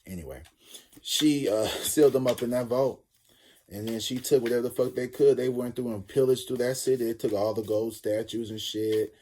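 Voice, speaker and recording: A man's voice: medium pitch, moderate pace, dark tone, a little hiss or hum. A man giving a casual tarot reading, rambling and cursing as he jokes through a story. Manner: rambling, profane, joking storyteller. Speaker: tarot reader.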